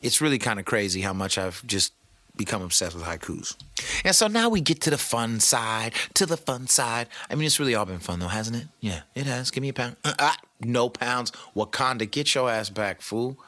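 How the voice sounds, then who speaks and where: A man with a bright, forceful voice talks loosely and playfully, full of slang, as he hosts a podcast. The sound is dry and close, with no room around it. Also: mid-range voice, moderate pace, dry recording. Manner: animated, playful, slangy, talks to his producer. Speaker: podcast host. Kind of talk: casual motivational talk.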